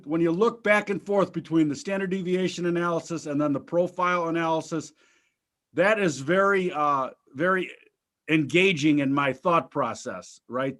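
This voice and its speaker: A man's voice: a little high, moderate pace, fairly bright tone. A man co-hosting a markets talk show, chatting casually in a blunt, profane, joking way.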